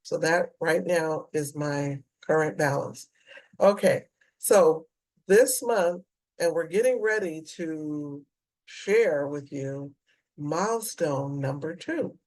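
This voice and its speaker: A middle-aged woman vlogging in a casual, earnest way to her viewers, reading out dollar figures slowly and carefully. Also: deep voice, a little mellow, rough recording. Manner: slow, deliberate, earnest, reads figures out carefully. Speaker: personal finance vlogger. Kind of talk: casual talk to camera about debt payoff.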